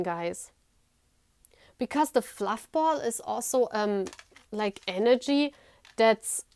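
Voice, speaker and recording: A woman's voice: on the high side, smooth, no room sound. A woman giving a casual tarot reading to her viewers, chatty and playful, often breaking into giggles. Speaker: tarot reader.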